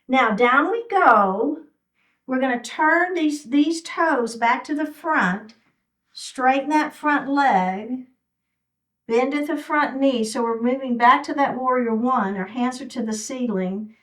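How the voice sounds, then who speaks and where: Her high-pitched, fairly bright voice comes through a low-quality recording as she walks a chair yoga class through each move. She encourages them step by step, a bit short of breath.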